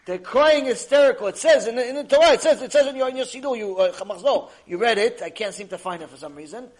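A rabbi gives a Torah lecture, dramatically retelling the story with sudden jumps between loud and soft and using Hebrew religious terms. His voice is very high and his pace quick.

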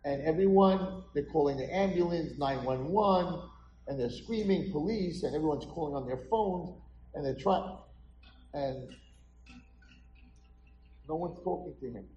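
A man's voice: fairly high pitch, unhurried, pauses often, mellow, muffled recording, a little hiss or hum. A man, a rabbi, dramatically telling a story in a sermon at an event hall. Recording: echoey hall.

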